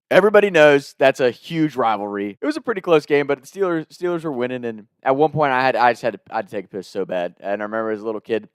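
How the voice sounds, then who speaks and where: A man in his thirties from Ohio and Kentucky tells a story in a loose, rambling, profane way, swearing and leaning on "like" as a filler. His mid-range voice is smooth, and the sound is clean studio audio with no room sound.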